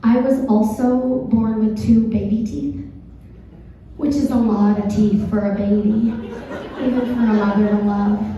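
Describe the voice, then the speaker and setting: A hoarse woman comedian doing a stand-up set, talking with the crowd in a self-deprecating, conversational way. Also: fairly high pitch, mellow. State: hoarse, dry throat. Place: theater stage. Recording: echoey theater, far from mic, dull.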